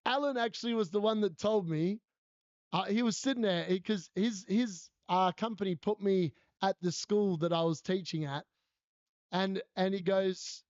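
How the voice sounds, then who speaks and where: A man talks casually on a live stream, laughing often as he tells stories and answers viewers. His voice sits high and comes through dry and close. The audio is slightly dull and lo-fi. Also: a little mellow, no echo. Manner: chatty storyteller, laughs often, answers chat. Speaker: fantasy football streamer.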